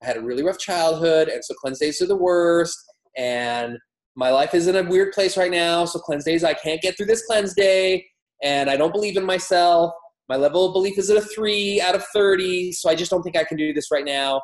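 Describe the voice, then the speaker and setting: A man's voice: high-pitched, normal speed, voice pushed up, close to an everyday voice. A man voicing a whiny, self-doubting client who pleads and piles up excuses, in a mock exaggerated tone. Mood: whining. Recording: roomy echo.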